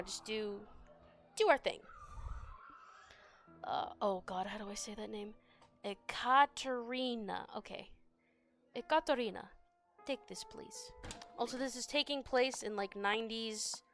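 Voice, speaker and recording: A young woman streaming a game, chatting in a rambling, excitable way with her viewers. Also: a little high, creaky. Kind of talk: casual live-stream chat while gaming.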